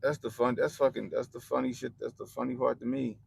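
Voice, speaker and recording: A young man hosting a livestream, ranting bluntly and profanely about politics to his chat in animated slang. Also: mid-range voice, fairly quick, vocal fry, slight background noise, rough recording. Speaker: livestream host.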